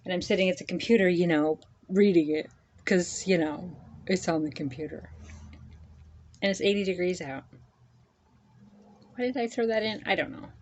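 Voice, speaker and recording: A woman's voice: fairly low pitch, moderate pace, pauses often, a little mellow, slight background noise. A woman reading her own angry rant aloud, emphatic and repetitive, with sarcastic asides. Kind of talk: slow deliberate spoken-word rant. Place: indoors at a computer.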